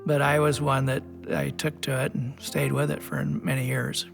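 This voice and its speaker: A man with a gravelly voice speaking reflectively and haltingly in a documentary interview. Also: mid-range voice, little pitch movement, soft background music.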